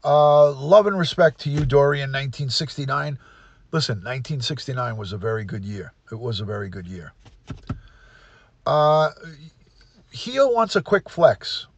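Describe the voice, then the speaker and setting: A man's voice: mid-range voice, normal speed, highs cut off. A middle-aged man hosts a casual livestream, greeting viewers by name and place and giving blunt opinions. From United States. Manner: reads out viewer comments and greets them by place. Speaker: livestream host.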